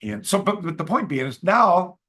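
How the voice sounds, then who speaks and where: An older man from Canada telling a story as a podcast guest, halting, with many restarts and fillers. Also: high-pitched, expressive, bright, forceful tone. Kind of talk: casual storytelling interview.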